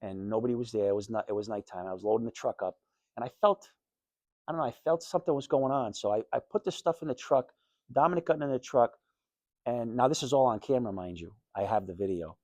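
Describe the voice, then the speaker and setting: A man giving a personal talk to high school students as a guest speaker, telling his story in a candid, plain, conversational way. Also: fast, a little mellow, no room sound. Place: school classroom.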